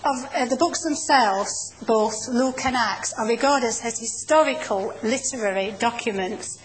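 A woman teaches a Bible study group at a deliberately slow, patient pace. Her voice sits a little high, and she keeps stopping to explain and to prompt readers. Light background noise runs under the room. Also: rough recording.

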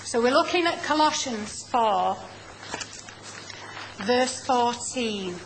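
A woman's voice: on the high side, lively intonation, noisy background. A woman teaching a Bible study class, patiently explaining and calling on people to read. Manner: slow, patient, explaining and prompting readers.

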